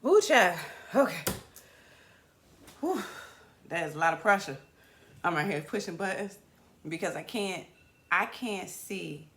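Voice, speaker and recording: A woman talk show host and comedian, chatting loudly and rambling. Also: fairly low pitch, a little slow, pauses often, roomy sound, slight background noise. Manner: loud, animated, chatty and rambling. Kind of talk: casual talk show chat.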